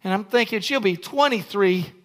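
An older man, a pastor, preaching a sermon in an emphatic way that rises to shouts. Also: sits high, normal speed.

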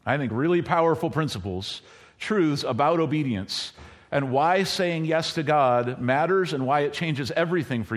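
A middle-aged man preaching a sermon in a conversational way, now and then acting out quoted lines in a higher voice. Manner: conversational, acts out quoted lines with bursts of high pitch. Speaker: pastor.

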